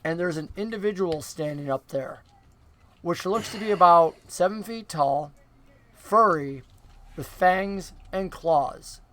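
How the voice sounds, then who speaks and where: A man narrating a tabletop game as game master, relaxed and descriptive. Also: sits high, slow pace. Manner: relaxed, descriptive, with frequent ums and laughs.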